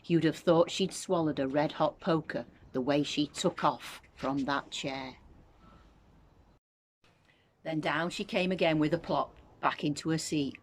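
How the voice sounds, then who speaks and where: A woman teacher reading a children's book aloud with expressive storytelling. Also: deep voice, unhurried, a little hiss or hum. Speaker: infant school teacher.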